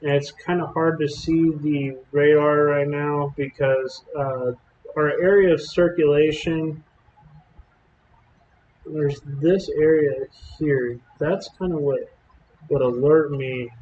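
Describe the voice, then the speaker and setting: Chatty storm-chasing streamer, echoey lo-fi. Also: male voice, on the high side, steady tone, slow, a little mellow, a little hiss or hum. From Texas. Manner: chatty, rambling, drawling with fillers. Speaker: live storm-coverage streamer. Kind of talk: casual live-stream commentary.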